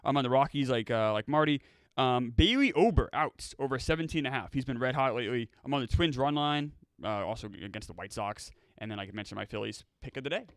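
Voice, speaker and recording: A man's voice: mid-range voice, animated, fast talker, no room sound. A man co-hosting a casual sports betting chat, wry and easygoing, often stammering. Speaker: podcast co-host.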